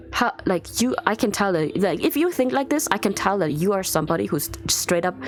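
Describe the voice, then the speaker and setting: Woman, low voice, gravelly, angry, swearing, exasperated, live-stream rant.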